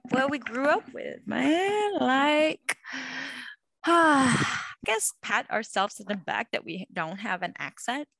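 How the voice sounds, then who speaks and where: A woman's voice: high voice, sing-song, slow, vocal fry, fairly bright tone, no echo. A young woman from Macau co-hosting a casual podcast, rambling with many fillers. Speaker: podcast co-host.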